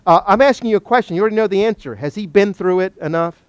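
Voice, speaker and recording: A man teaching a Bible study, animated and joking, asking the class questions. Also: sits high, quick pace, clear, resonant tone, no room sound.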